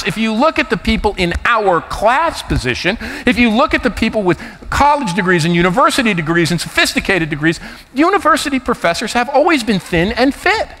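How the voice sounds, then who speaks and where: Animated man in his fifties giving a keynote. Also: high-pitched. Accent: New Jersey. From United States. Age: 50s. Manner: animated, anecdotal, emphatic. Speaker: conference keynote speaker. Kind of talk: keynote talk. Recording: reverberant hall.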